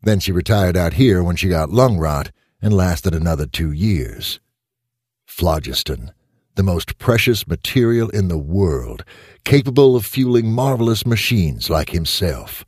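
A man narrating a short story in an expressive audiobook style. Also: low-pitched, measured pace, breathy edge, no echo, studio quality.

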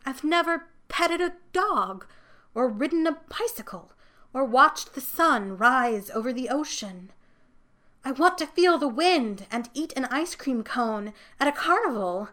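A woman doing a young girl in a storybook, soft and teary and hopeful, kinda high voice. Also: animated, a little slow, full character voice. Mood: longing. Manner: soft and wistful, rising with longing. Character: young woman, tearful, hopeful, eager for the world.

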